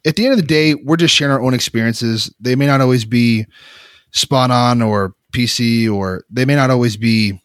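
A man co-hosting a casual podcast, telling work stories with lots of energy, acting out quotes and laughing loudly. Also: mid-range voice, normal speed, clean tone, no echo, studio quality. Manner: animated storyteller, laughs loudly, acts out quotes. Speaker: podcast co-host, X-ray tech.

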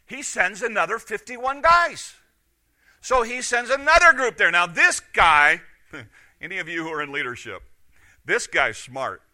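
A middle-aged man preaching a sermon, retelling scripture stories in an animated way and acting out the quotes. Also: high voice, unhurried. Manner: animated, acts out quoted lines. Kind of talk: sermon storytelling.

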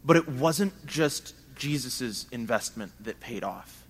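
A man's voice: medium pitch, expressive, slow pace, breathy edge. A man preaching a sermon in an earnest, conversational way, often repeating words as he builds his points.

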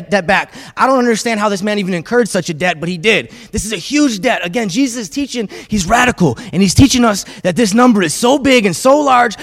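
A man preaching a sermon as pastor, animated, repeating phrases and calling on the congregation to respond. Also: high-pitched, in a large hall.

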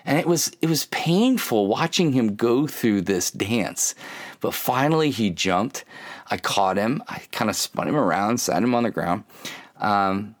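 A man in his thirties preaching in an easygoing, conversational way. His pitch swings widely as he acts out the voices in his stories, and he leans on filler words. He sounds animated and personal. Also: measured pace. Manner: animated storytelling with many filler "like"s and acted quotes. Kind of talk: conversational sermon.

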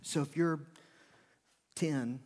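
Pastor preaching in a reverberant hall. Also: male voice, fairly high pitch, extremely slow, darkish tone. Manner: conversational preaching with sudden bursts and emphatic repetition. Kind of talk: sermon. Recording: long reverb of a large hall.

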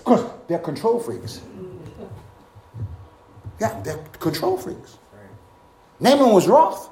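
Animated male preacher, high lively voice, echoey room, lots of exclamations and questions. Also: slow, long pauses. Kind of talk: sermon.

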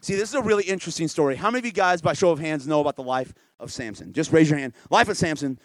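A male pastor preaching a lively, conversational sermon who often checks in with the congregation. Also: fairly high pitch, very fast, no room sound.

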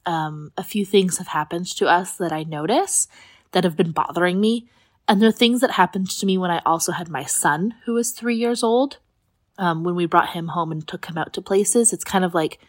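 A woman's voice: fairly low pitch, dry recording, clean studio sound. A woman in her thirties hosting a podcast with a cold, her voice groggy and her nose congested, talking candidly with fillers and restarts from a home office. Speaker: podcast host. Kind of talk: casual podcast monologue.

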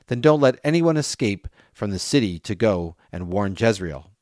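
Low-voiced man reading scripture aloud. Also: normal speed, few pauses, no room sound, clean studio sound. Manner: steady reading, lifts voice for quoted speech. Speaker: scripture reader.

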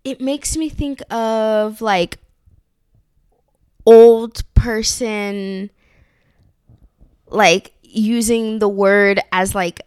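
A woman's voice: mid-range voice, steady tone, extremely slow, pauses often, darkish tone, clear, resonant tone, no echo, clean studio sound. A young woman co-hosting a casual podcast chat, laughing often, swearing freely and teasing her co-host. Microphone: studio mic.

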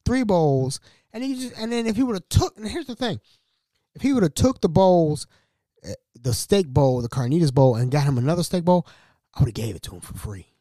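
A man hosting a podcast, telling a workplace story in an animated, slangy way and acting out the dialogue. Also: medium pitch, dry recording, studio quality. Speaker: podcast host.

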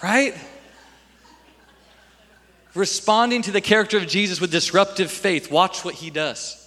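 A young man preaching a sermon in a church hall, animated and acting out Bible scenes in voices. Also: high-pitched, measured pace. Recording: long hall reverb.

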